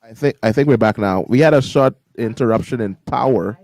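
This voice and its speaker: A man's voice: medium pitch, fairly quick, a little mellow, no echo. A man co-hosting a morning radio talk show, chatting casually and laughing often. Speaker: radio co-host.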